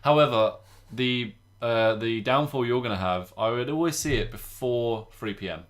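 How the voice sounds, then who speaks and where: A man's voice: medium pitch, moderate pace. A young man, co-hosting a casual podcast chat with rambling, sweary jokes. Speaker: podcast co-host.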